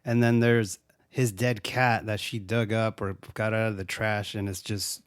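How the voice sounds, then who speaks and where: Excitable, cursing man. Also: lowish voice, a little slow, smooth, no room sound, clean studio sound. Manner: excitable, swears a lot, acts out lines from the film. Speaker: podcast co-host. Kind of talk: casual chat recapping a movie.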